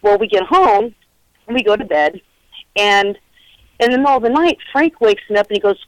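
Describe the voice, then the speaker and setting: A middle-aged woman, a paranormal investigator, telling stories in a chatty, animated way over a phone line and acting out the quotes. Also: medium pitch, normal speed, no echo. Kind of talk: casual storytelling interview.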